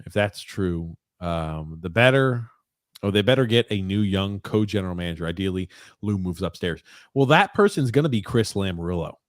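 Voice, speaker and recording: A man's voice: sits low, no room sound. A man co-hosting a casual sports podcast, reading viewer comments aloud with laid-back, dry asides.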